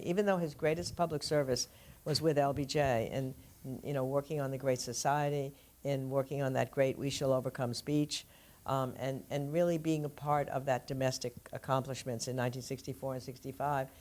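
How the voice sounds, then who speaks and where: A woman's voice: a bass voice, steady tone, normal speed, darkish tone. An older woman, an author being interviewed, who tells stories fluently in conversation and laughs easily. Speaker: author guest.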